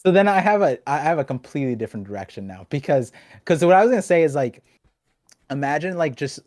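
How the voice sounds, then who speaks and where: A young adult man hosting a casual podcast chat, talking in an animated, rambling way with lots of restarts. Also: a little high, fast, no echo, studio quality. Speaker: podcast host.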